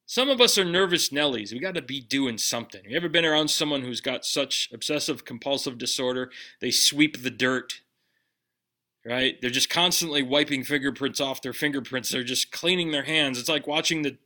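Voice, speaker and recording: A man preaching a sermon in a conversational way, putting direct questions to his listeners and dropping his voice low on key lines. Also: moderate pace, sharp tone. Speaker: pastor.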